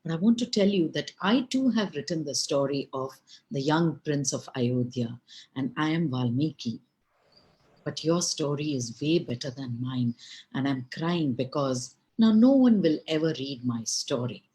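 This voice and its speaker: A woman's voice: low voice, expressive, measured pace, mellow. A woman storyteller voicing an emotional male sage who exclaims in a raised voice. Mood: moved.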